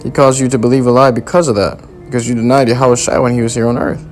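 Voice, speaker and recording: A man preaching a sermon, reading scripture aloud and driving points home in forceful, repetitive, slangy talk. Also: mid-range voice, little pitch movement, quick pace, faint music behind.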